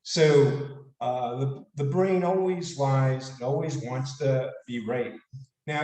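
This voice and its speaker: Animated man lecturing in an echoey room. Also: medium pitch. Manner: animated, casual, asks the audience questions. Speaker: speaker giving a leadership talk. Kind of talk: motivational lecture. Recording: echoey room, mic at a distance.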